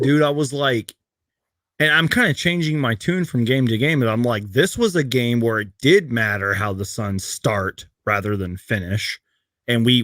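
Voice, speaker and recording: A man's voice: mid-range voice, fairly bright tone, dry recording. A man hosting a casual live-stream chat about basketball, talking in a laid-back, chatty way and laughing often. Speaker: basketball show host.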